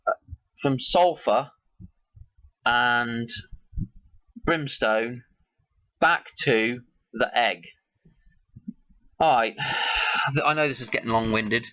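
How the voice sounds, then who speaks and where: A man's voice: medium pitch, slow pace, long pauses, sharp tone, no room sound, low-quality recording. A man hosting his own video, talking casually and in a rambling way as he links one idea to the next. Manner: musing, loosely connects ideas. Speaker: video host.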